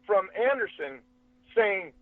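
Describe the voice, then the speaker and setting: A man, a podcast guest, telling a story in a casual, animated way, with quick restarts and calling the host "dude". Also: high voice, dry recording. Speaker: guest, fight promotion executive and manager. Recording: tinny phone-like dry sound.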